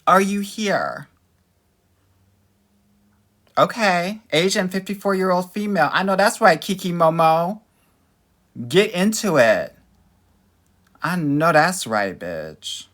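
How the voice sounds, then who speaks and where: A man's voice: high voice, expressive, measured pace, fairly bright tone. A young man hosting a casual livestream as a dating coach, sassy and playful, calling his viewers honey and girl.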